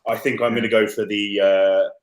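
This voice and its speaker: A man co-hosting a quiz chat, animated and often restarting his sentences. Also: on the low side, normal speed. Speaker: co-host. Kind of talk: casual chat. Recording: roomy echo.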